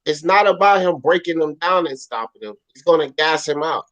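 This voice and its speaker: A man's voice: on the high side, expressive, a little fast, fairly bright tone, low-quality recording. A man co-hosting a casual boxing talk show, emphatic and insistent, swearing as he makes his case. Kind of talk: casual sports debate.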